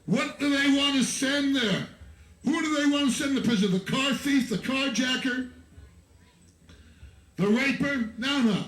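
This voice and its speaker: American guy yelling a fired-up protest speech into a stage mic, really high voice, echoey pa sound. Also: a little slow, pauses often. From United States. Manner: fiery, profane, shouting and preachy. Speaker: activist speaker at a festival. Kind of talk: impassioned rally speech to a crowd. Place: outdoor festival stage.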